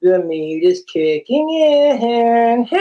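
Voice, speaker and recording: A man's voice: very high voice, a bit bright. A man doing a crude, profane comic skit, arguing with himself in two quoted voices.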